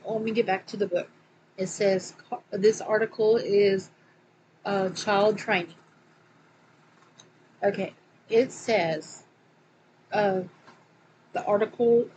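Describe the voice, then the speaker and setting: A woman with a Southern accent reading a religious book aloud, with hesitant asides and slow, louder scripture quotes. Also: medium pitch, a little hiss or hum, poor audio. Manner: hesitant, many fillers, slows and gets louder when quoting scripture. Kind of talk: casual read-aloud with asides. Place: home.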